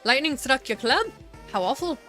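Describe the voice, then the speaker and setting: A woman's voice: high voice, expressive, normal speed, over music. The Scotsman, a woman putting on a cursed ghostly golf keeper. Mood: theatrical. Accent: attempted Scottish, mixed with Irish and British. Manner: theatrical reading of game dialogue. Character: ghostly Scottish golf shopkeeper man, cursed, resigned.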